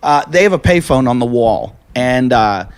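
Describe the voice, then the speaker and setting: A man's voice: medium pitch, normal speed, clear, resonant tone. Man telling a comedy-club story. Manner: animated, acts out quoted voices. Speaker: podcast host. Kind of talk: casual storytelling.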